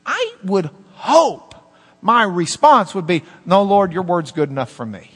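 A man preaching a sermon as pastor, animated, with swings between loud emphasis and hushed asides. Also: high voice, moderate pace, big-room sound.

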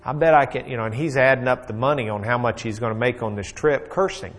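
A man's voice: medium pitch, quick pace, a bit bright. A man teaching a Bible lesson in a folksy, joking storytelling way, with plenty of fillers.

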